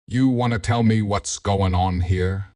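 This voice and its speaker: A man voicing a gruff, protective Southern cousin with a gruff Southern accent. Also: lowish voice, steady tone, unhurried, darkish tone, lightly acted.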